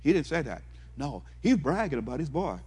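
Husky-voiced man preaching in a reverberant hall. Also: on the high side, very animated, a little fast, a little mellow. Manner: fervent, repetitive preaching that asks the congregation questions. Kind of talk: sermon.

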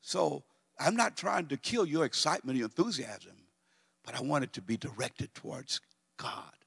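Man, middle-aged pastor, sermon, gravelly voice, loud excited bursts and quiet low passages, long church-hall reverb. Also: moderate pace. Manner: rises to excited near-shouting, then drops low and quiet.

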